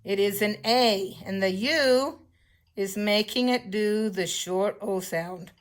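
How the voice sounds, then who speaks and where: Slow patient older woman teaching phonics. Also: mid-range voice. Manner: slow, patient, sounding out words for children. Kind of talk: children's phonics lesson.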